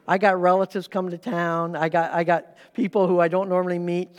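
A man pastor preaching a sermon, emphatic, swinging between loud urgent lines and hushed asides. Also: high-pitched, little pitch movement, a little fast. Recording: hall reverb.

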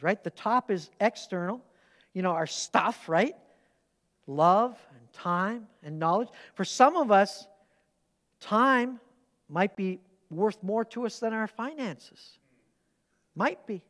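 A man preaching in a church, his voice carrying a long reverb through the large hall. He talks in an animated, conversational way, breaking off for quick asides and questions to the congregation. He tells personal stories from the pulpit. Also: high voice. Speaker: pastor. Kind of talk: sermon with personal storytelling. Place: church sanctuary during a service.

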